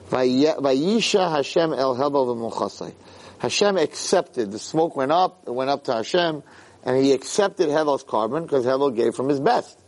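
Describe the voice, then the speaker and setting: A man teaching a Torah lesson in an animated way, acting out quotes and repeating words for emphasis. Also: on the high side. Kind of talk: Torah lecture.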